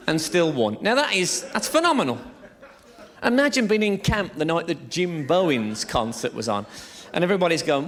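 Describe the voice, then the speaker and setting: A man tells a stand-up story on a theatre stage. His pitch jumps about a lot and his voice has a gravelly edge. The room around him is a live theatre, and there is crowd laughter behind him. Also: normal speed. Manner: lively, rambling, swearing storyteller. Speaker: stand-up comedian. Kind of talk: stand-up comedy set.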